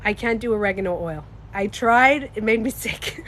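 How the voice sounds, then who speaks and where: A woman with a slightly stuffy nose, chatting casually on a livestream. She talks in an animated, emphatic way, swears freely and speaks to her viewers. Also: medium pitch, moderate pace, slight background noise. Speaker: livestreamer and beauty coach.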